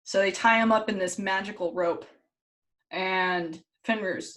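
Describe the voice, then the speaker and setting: Give me a mid-pitched woman hosting a podcast, telling a story in a loose, jokey way. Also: steady tone, moderate pace. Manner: loose and jokey, with fillers and profanity. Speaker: podcast host. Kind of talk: casual storytelling.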